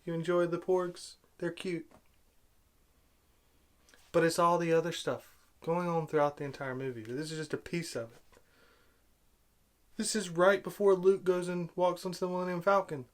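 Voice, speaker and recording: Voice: medium pitch, fairly even intonation, moderate pace, pauses often. A vlogger giving an angry film-review rant, sarcastic and exasperated, full of rhetorical questions.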